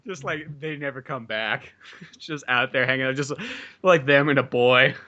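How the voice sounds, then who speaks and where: A man's voice: mid-range voice, moderate pace, pushed and bright, dull audio. A man co-hosting a podcast in casual comedic chat, laughing, swearing and riffing on silly scenarios. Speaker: podcast co-host.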